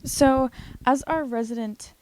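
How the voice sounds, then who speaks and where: A woman's voice: sits high, a little slow, no room sound. Chatty young woman recapping a show. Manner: chatty, animated, swears casually. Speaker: recap vlogger. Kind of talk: casual TV recap commentary.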